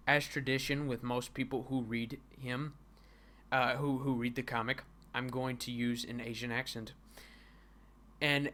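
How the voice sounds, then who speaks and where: A man's voice: mid-range voice, pushed and bright, a little hiss or hum. A young man hosting a livestream and giving sarcastic, laughing commentary while reading a comic, with frequent stammered restarts. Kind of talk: casual comedic commentary.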